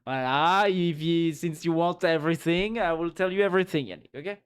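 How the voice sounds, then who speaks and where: A man's voice: fairly high pitch, brisk, clear, resonant tone. A man with a French accent, a native French speaker, chatting casually on a live stream, laughing often and repeating words as he searches for phrasing. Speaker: livestreamer. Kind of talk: casual chat reacting to a video on a live stream.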